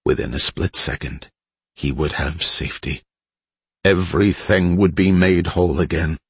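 A man reading a story aloud as scripted narration, with a measured, dramatic storytelling delivery. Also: low-pitched, gravelly, a bit bright, breathy edge, dry recording. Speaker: audiobook narrator.

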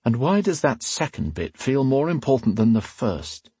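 Guy putting on a jumpy young servant lad, higher voice, anxious and polite, kinda breathy. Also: very animated, moderate pace, dark tone, dry recording, full character voice. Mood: nervous. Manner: anxious, hesitant, deferential. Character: nervous young male servant.

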